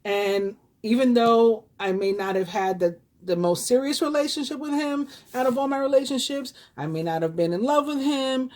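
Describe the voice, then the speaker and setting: A New York tarot reader in her fifties, speaking with a New York accent, tells her viewers a personal story in a chatty, rambling way full of fillers and restarts. Her voice is fairly high and a little mellow, at a moderate pace with hardly any pauses.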